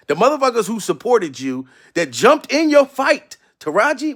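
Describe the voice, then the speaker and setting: Male comedic commentary host, high gravelly voice, loud exasperated profane rants. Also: big pitch swings, moderate pace, few pauses. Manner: loud, profane, exasperated ranting, often shouting.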